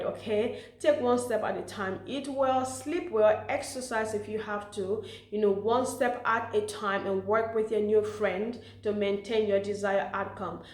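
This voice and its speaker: A woman giving encouraging advice to mothers in an earnest, warm way, often saying "you know" and "okay". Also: medium pitch. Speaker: motivational speaker for mothers. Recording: echoey room.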